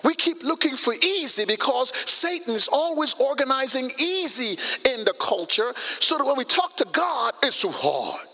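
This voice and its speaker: A male pastor preaching a sermon in an animated, conversational way with vivid everyday scenarios, in a church sanctuary. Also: very high voice, creaky, in a large hall.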